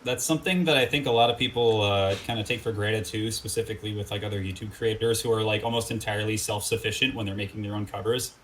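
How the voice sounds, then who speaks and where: Bright-voiced man chatting casually. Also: on the low side, fast, few pauses, slight background noise, poor audio. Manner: rambling, filler-heavy, animated when quoting people. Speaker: guest musician. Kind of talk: casual interview chat.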